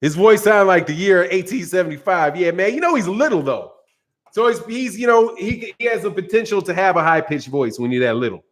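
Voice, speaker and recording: A man's voice: high-pitched, expressive, a little fast. A man hosting a boxing channel, chatting casually and joking with his live-stream viewers, loose and playful. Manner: loose, joking, talks straight to chat, frequent laughs. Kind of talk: casual live-stream commentary reading chat.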